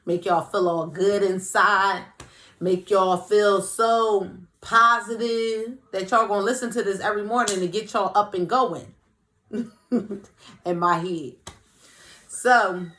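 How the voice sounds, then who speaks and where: A woman's voice: mid-range voice, fairly even intonation, takes it slowly, fairly bright tone. A young woman chatting casually to camera as host of her own vlog, playful and talkative. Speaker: vlogger, show host.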